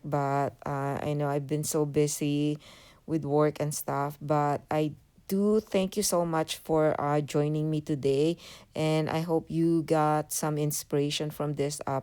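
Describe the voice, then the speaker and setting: A woman's voice: deep voice, a little mellow, clear, resonant tone. A woman hosting a craft channel, giving a hesitant casual voiceover full of fillers as she walks through her project. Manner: hesitant, many fillers, apologetic. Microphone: voiceover mic.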